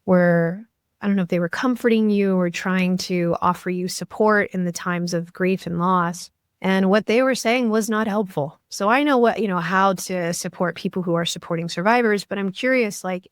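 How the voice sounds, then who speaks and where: A woman's voice: on the low side, dry recording, studio quality. A woman hosting a podcast interview, talking earnestly and with feeling, with many "like"s and "you know"s. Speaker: podcast host. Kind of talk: conversational interview.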